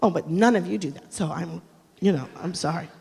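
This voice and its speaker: A middle-aged woman pastor preaching a humorous, animated sermon, acting out quotes and swinging between loud and quiet. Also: on the low side, brisk, vocal fry, breathy edge. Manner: animated, humorous, acts out quotes with big shifts in loudness. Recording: long reverb of a large hall.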